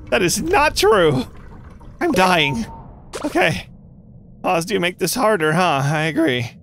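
Young man, gaming commentary, playful, bouncy pitch, slow drawn-out delivery. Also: gravelly, slight background noise. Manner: playful, animated, quick reactions, jokey cries of pain. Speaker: gaming YouTuber. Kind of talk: live game commentary.

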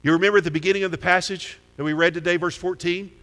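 A man's voice: high-pitched, fairly even intonation, racing, a bit bright. A man preaching a sermon as pastor, talking conversationally and putting questions to the congregation. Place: church sanctuary. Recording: long hall reverb.

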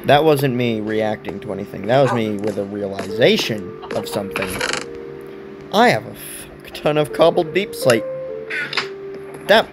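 A man's voice: fairly low pitch, animated, unhurried, music in the background, low-quality recording. A man giving casual commentary over a block-building game, chatting to the game and mocking himself. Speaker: gaming video creator.

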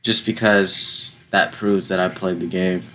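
A young man giving casual, slangy commentary while playing a video game, slightly hoarse from losing his voice. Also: low voice, steady tone, measured pace, pushed and bright. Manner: laid-back, slangy, chatty. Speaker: gaming YouTuber.

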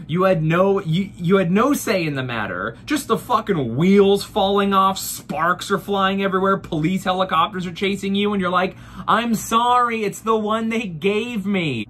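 A man's voice: fairly high pitch, a bit bright, a little hiss or hum. A man in his thirties doing a profane, mock-furious comedic rant full of rhetorical questions. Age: 30s. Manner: exasperated, profane ranting.

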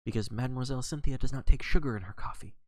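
A man voicing a fussy, excitable little Belgian detective in an audiobook reading, with dramatic exclamations. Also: medium pitch, racing, no echo, clean studio sound, pitched above the performer's own voice, lightly acted. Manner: dramatic, sprinkled with French exclamations.

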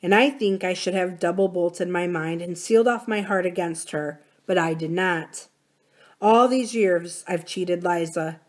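A woman gives voice to a wise old man talking low and slow. He sifts his memories with tender regret. The reading is unhurried and hushed, a library storybook voice. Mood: confiding. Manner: soft, slow and musing. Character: wise, gentle older man, reflective.

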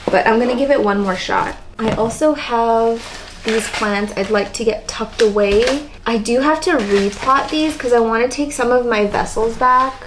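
A woman with a raspy, tired voice and constant vocal fry, chatting casually in a plant vlog. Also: a little high, moderate pace, background noise. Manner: chatty, rambling, lots of "like". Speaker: plant vlogger. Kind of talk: casual chat while potting plants.

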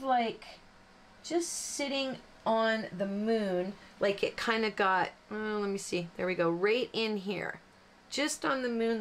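A woman's voice: mid-range voice, a little hiss or hum. Chatty woman hosting a craft tutorial. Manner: chatty, rambling, self-deprecating with frequent fillers. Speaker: card-making tutorial host. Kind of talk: casual crafting demonstration.

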